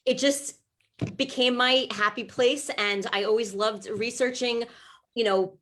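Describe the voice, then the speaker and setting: A woman's voice: a little high, fairly even intonation, unhurried, a bit bright. A woman who is a talk show guest and breast cancer advocate, telling her personal story in a chatty, heartfelt way with many fillers and restarts.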